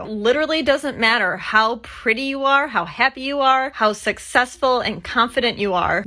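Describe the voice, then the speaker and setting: A woman's voice: fairly high pitch, pushed and bright. A woman giving emphatic, lecturing dating advice straight to camera, often repeating "trust me". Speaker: dating commentator. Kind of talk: direct-to-camera advice monologue.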